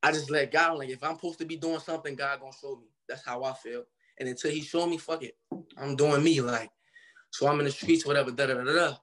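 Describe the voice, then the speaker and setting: A young man from Cincinnati, Ohio, appears as a guest artist in a casual interview, telling his story in a loose, slangy way and acting out the people he quotes. His male voice is mid-range and a bit bright.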